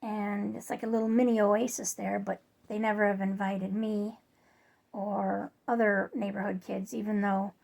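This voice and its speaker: A woman's voice: mid-range voice, little pitch movement, moderate pace, creaky, darkish tone. A woman casually telling a story to her viewers in a chatty, rambling way, full of fillers and restarts. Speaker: vlogger.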